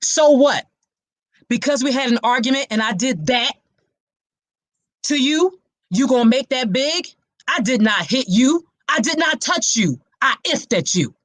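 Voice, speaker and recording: Woman playing an abusive boyfriend: dismissive, mocking, high-pitched contempt, dry close sound. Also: expressive, a little slow, no room sound. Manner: scornful, minimizing, raised and sharp. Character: dismissive abusive male partner, defensive and belittling.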